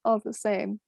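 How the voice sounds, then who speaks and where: A young American woman chatting casually as co-host, animated and laughing as she switches between English and French. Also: a little high, creaky, no echo. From United States. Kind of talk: casual chat.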